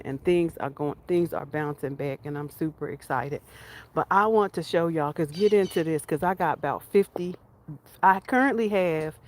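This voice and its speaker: A woman gives an excited, chatty tour of her garden outdoors. She keeps repeating herself and calls out to her viewers as y'all. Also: low-pitched. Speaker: homestead vlogger.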